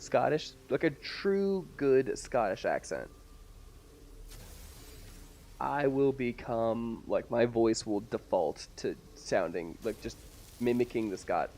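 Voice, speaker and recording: Gravelly American man streaming. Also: medium pitch, darkish tone, a little hiss or hum. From United States. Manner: muttering to himself while playing, chatting with viewers. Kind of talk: casual gameplay commentary.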